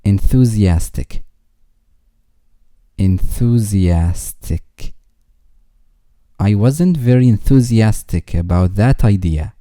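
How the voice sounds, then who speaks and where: A man reads English vocabulary for a lesson, saying each word twice before an example sentence. He speaks very slowly in a dark, mellow voice set fairly low. The recording is dry and close. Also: animated, no room sound. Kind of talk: slow scripted word-and-sentence reading.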